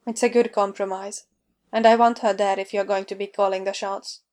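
A woman reading the lines of a quiet, reserved grown man in a story read aloud. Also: medium pitch, little pitch movement, close to an everyday voice. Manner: quiet, measured.

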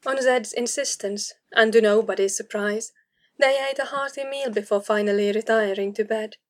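A woman narrating a fantasy story in a calm, measured audiobook style. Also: on the high side.

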